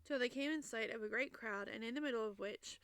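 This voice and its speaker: A woman reading a classic children's book aloud, in lively narration with small restarts. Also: fairly high pitch, fairly quick, no room sound. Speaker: storybook reader.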